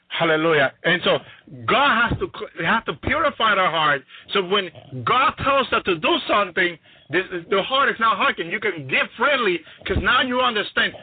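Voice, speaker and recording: A man preaching a sermon who reads scripture aloud slowly and keeps breaking in with hallelujah and praise Jesus. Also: high voice, animated, breathy edge. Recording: tinny phone-like, dry sound.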